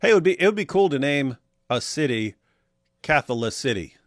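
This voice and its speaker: A man's voice: a little high, sing-song, brisk, no room sound, clean studio sound. A man co-hosting a casual livestream, joking around and reading viewer comments aloud in put-on voices. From Australia. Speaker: co-host reading live chat.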